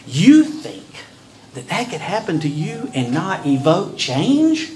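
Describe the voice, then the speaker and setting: Man, pastor, sermon, dramatic pauses, loud bursts, high lively voice. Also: a little hiss or hum, low-quality recording. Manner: preaching with sudden loud outbursts and dramatic pauses.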